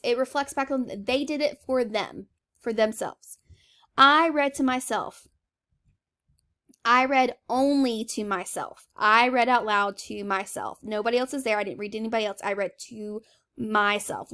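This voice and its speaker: A woman teacher talks through a grammar lesson in a casual, chatty way. She stresses her example sentences and keeps checking in with "okay?" Her voice sits at an ordinary middle pitch. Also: fairly bright tone.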